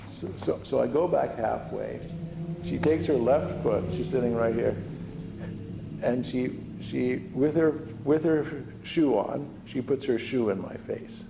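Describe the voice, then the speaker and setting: A man's voice: mid-range voice, unhurried, gravelly, background noise. A man, a spiritual teacher, telling a personal story to a group in a chatty way, full of fillers and restarts. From United States. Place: hall with audience. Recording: echoey room recording.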